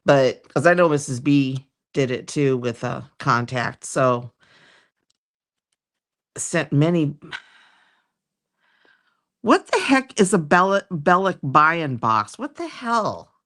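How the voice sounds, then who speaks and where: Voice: mid-range voice, animated, takes it slowly, pauses often, a bit bright. This is a livestream host in loose, casual conversation, rambling from one thing to the next. Sentences often trail off or restart partway through, in an easygoing, talkative way. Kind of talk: casual chat.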